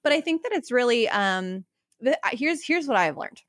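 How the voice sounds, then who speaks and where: A woman's voice: on the high side, expressive, normal speed, fairly bright tone, dry recording. Chatty woman host, dry sound. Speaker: podcast host. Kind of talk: casual interview chat.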